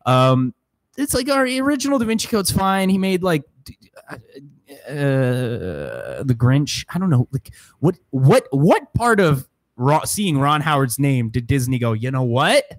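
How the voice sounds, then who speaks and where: Animated, swearing young man ranting about movies. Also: mid-range voice, a little slow, no echo. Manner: profane, laughing, animated ranting. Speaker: podcast co-host. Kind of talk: casual movie review chat.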